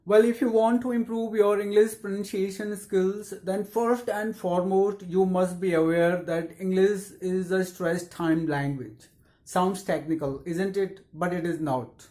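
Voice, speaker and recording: An English pronunciation teacher in scripted instructional narration, explaining tips in a measured and encouraging way. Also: mid-range voice, fairly even intonation, warm tone.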